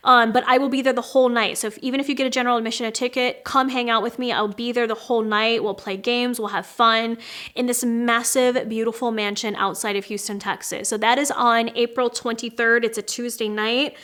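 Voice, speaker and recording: A woman in her late thirties talks in a slightly high voice, chatty and heartfelt, giving viewers a casual personal update. She calls her audience "you guys" and speaks openly, like a friend catching up. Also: steady tone, fairly quick, a bit bright. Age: 30s. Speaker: beauty vlogger and brand owner.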